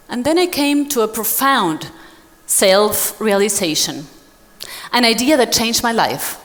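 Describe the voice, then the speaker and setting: A woman's voice: animated, moderate pace, fairly bright tone. A woman speaker telling a personal story to an audience in a dramatic way, acting out the voices of other people. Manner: dramatic, acts out dialogue with big pitch swings. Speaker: motivational speaker. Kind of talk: storytelling keynote speech. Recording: long hall reverb.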